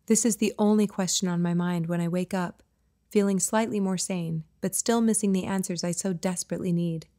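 A woman's voice: fairly even intonation, fairly quick, warm tone. A woman reading her own novel aloud as a first-person audiobook narration. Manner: voices the boys' lines higher and livelier.

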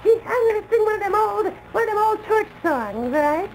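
A man's voice: very high-pitched, very animated, a little fast, a little hiss or hum, exaggerated voice, poor audio. A man voicing a giddy young female weather balloon who dreams of show business, in a 1960s radio comedy bit. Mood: warbling.

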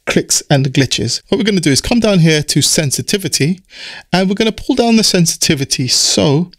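Man with a croaky voice, tutoring software. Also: on the high side, no echo, studio quality. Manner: explanatory, step-by-step, relaxed with fillers. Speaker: music production tutor. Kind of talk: screen-recorded software tutorial. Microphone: studio mic through audio interface.

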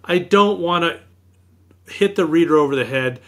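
A man as a guest author in an interview, telling anecdotes in a lively, self-deprecating way. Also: a little high, normal speed. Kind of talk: storytelling in an interview.

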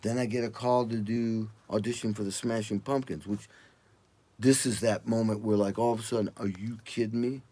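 An older man, a drummer, telling animated stories in a casual interview and acting out what people said. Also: moderate pace, husky. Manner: animated, acts out quotes in loud high voices.

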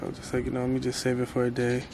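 Laid-back boyfriend, short replies, mid pitch, noisy recording with goats. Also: male voice, completely flat delivery, racing, gravelly.

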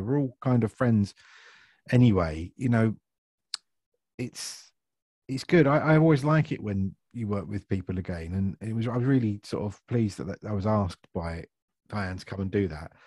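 Chatty man, low, dry sound. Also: a little mellow, dry recording. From Essex, England. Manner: chatty and self-deprecating, laughs often. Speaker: actor guest. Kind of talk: casual interview chat.

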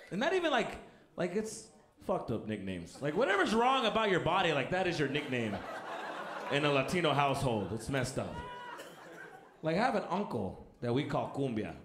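A young male stand-up comedian telling family stories with animated energy. His voice sits high and swings widely. The sound is echoey with background noise. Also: a little fast. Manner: animated, acting out family members.

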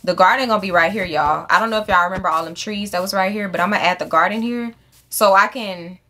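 A woman hosts a casual let's-play on her gaming channel, chatting straight to viewers, swearing freely and talking to the animals in the game. Her voice is mid-range, quick and bright, with a forceful tone.

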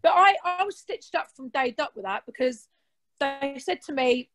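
A woman's voice: high-pitched, expressive, moderate pace, a bit bright. A young woman chatting as a reality show guest, outspoken and swearing, acting out what others said to her. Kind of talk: casual chat.

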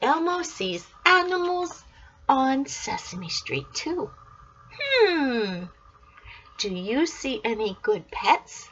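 An older woman hosts a storytime, reading a picture book aloud to young children. Her voice is high and swoops up and down as she asks questions and cheers answers. It comes through a muffled, lo-fi recording. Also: very animated, takes it slowly, fairly bright tone, slight background noise. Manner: sing-song, asks the listener questions and praises answers.

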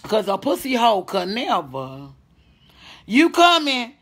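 A woman's voice: on the high side, huge pitch swings, slow pace, fairly bright tone. A woman from the American Midwest hosting a casual, profane livestream from home, reading and answering viewer comments. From St. Louis, USA. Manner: brash, profane, reads viewer comments aloud. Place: at home, indoors.

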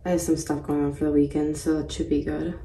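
A woman's voice: sits low, level tone, fast, dark tone, far from the mic, a little hiss or hum. A woman in her late twenties chatting casually to camera in a morning vlog indoors at a house. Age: late 20s. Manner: chatty, rambling. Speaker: vlogger. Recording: roomy, from off the mic.

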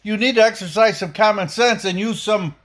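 A man rants on a podcast, blunt and profane, his voice sitting high for a man. He swings between fired-up outbursts and low, hard-edged lines. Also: fairly quick, fairly bright tone. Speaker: podcast host. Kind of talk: angry opinion rant.

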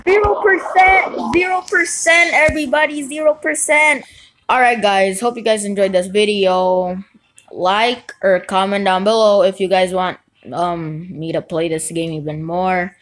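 A woman hosting a gaming channel, giving live gameplay commentary with excitable outbursts and rambling, unsure asides. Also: mid-range voice, measured pace. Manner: excitable, frequent outbursts and shouting.

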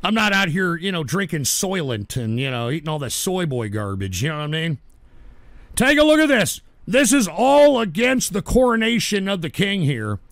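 High gravelly man ranting angrily. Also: sing-song, normal speed, few pauses, no echo, studio quality. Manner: angry, profane, bursts into shouting. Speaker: livestream show host. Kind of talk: ranting live commentary reading chat.

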